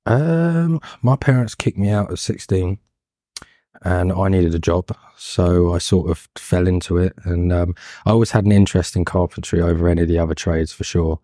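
A man's voice: sits low, normal speed, mellow, dry recording, studio quality. A man, a carpenter answering interview questions in a hesitant, casual way with many ums and restarts. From England. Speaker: guest, carpenter and furniture maker.

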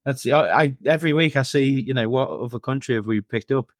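A man's voice: mid-range voice, brisk, no echo. A man hosts a podcast in a casual, jokey way and laughs easily. His voice sits around the middle for a man. The sound is dry and close-miked. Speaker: podcast host. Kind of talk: casual chat.

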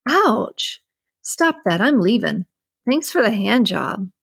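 A woman reading a story, voicing a crude, pushy adult man who turns indignant and rises in pitch when upset. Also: expressive, a little slow, gravelly, slightly rough, no echo, studio quality, heavily acted.

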